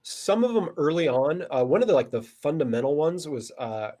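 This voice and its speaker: A man being interviewed as a guest, relaxed and candid, talking with lots of fillers. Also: on the high side, moderate pace. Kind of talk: casual podcast interview.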